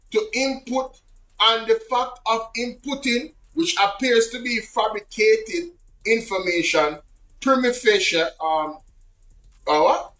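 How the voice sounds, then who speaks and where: A Jamaican man hosting political commentary, reading a report aloud and breaking into animated Patois asides. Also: high-pitched, poor audio.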